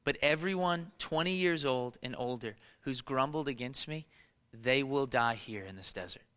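A man voicing God as a stern, exasperated deity, dropping lower and quieter than his preaching voice. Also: normal speed, clean tone, close to an everyday voice. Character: weary, stern God, a male deity pronouncing judgment.

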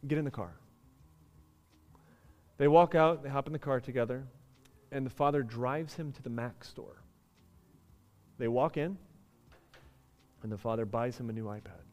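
A man's voice: medium pitch, moderate pace, long pauses. A male pastor preaching a sermon, telling a story and building to emphatic, raised passages. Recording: long reverb in a large hall.

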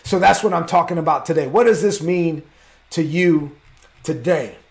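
High, gravelly-voiced emotional preacher man. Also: moderate pace. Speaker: pastor. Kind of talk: sermon.

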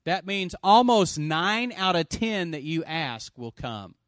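Animated pastor preaching a sermon. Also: male voice, fairly high pitch, takes it slowly, no room sound, clean studio sound. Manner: animated, swings from loud to hushed, calls for amens. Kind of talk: energetic sermon. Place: church sanctuary.

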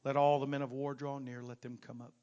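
A man preaching a revival sermon as a guest preacher in a church. He swings from loud shouting peaks down to quiet asides. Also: medium pitch, little pitch movement, fairly quick, smooth, muffled recording, soft background music. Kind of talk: Pentecostal sermon. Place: church sanctuary.

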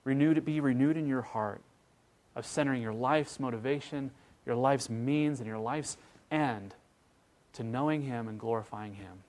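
A man preaching a sermon as pastor, telling a story with animated voices for its characters. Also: mid-range voice, normal speed.

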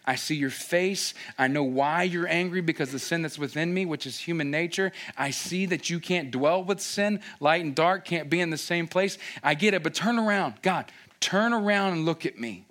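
A man's voice: on the high side, normal speed, fairly bright tone, close to an everyday voice. A man preaching who voices an old male prophet pleading with God in prayer, earnest and imploring.

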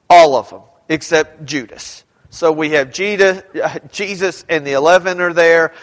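A man's voice: sits high, fairly bright tone. Preacher man in a reverberant hall. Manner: explains scripture, asks the congregation questions. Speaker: pastor. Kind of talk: sermon with scripture reading.

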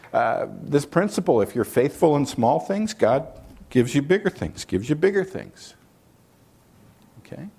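A pastor preaches to his congregation, his voice climbing high on key points and dropping low and quiet on others. The pitch moves freely and the pace shifts between quick and slow. It is a man's voice of middle pitch. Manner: preaching with wide swings in pitch and loudness, reading scripture aloud. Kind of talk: sermon.

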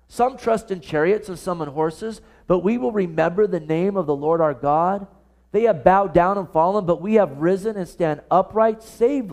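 A man with a fairly high voice preaches a sermon at a church service. He speaks earnestly and keeps putting direct questions to his congregation. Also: a little mellow. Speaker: pastor.

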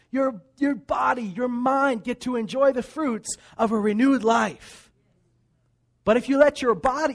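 A male pastor preaching with a notably high voice. He moves between loud, driving emphasis and soft, hushed asides. He tells stories and pushes points home directly to his listeners. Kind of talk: sermon.

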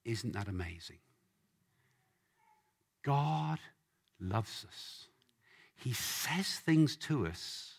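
A man preaching a sermon as a lively story, acting out the voices of the people in it. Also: fairly low pitch. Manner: animated, acts out voices in the story.

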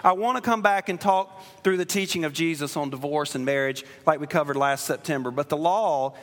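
A man's voice: on the high side, brisk, a bit bright. A man, a pastor, preaching a sermon in an earnest, emphatic way, often restarting his phrases. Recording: long reverb of a large hall.

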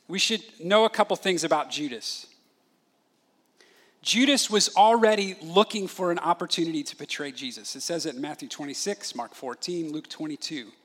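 A man preaching an expository sermon, animated, acting out the disciples' questions as he explains the passage. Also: high-pitched. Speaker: pastor.

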